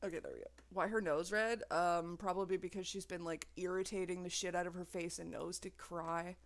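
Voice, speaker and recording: A woman's voice: fairly low pitch, steady tone, fairly quick, no echo. A woman making a reaction video, ranting with indignation and swearing freely in casual commentary.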